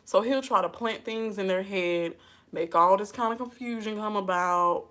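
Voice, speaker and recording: A woman's voice: medium pitch, moderate pace, fairly bright tone. Woman, vlogger, casual chat, sassy, chatty, laughs often. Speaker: advice vlogger.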